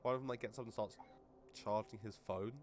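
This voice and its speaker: Crude rambling man, low voice. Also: fairly even intonation, fairly quick, a little mellow, a little hiss or hum. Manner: rambling, crude jokey storytelling. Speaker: podcast co-host. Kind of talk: casual chat.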